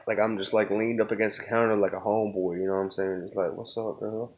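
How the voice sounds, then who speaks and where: A man's voice: on the low side, little pitch movement, quick pace. A young adult man hosting a podcast, rambling profanely through a casual stoned story. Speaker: podcast host.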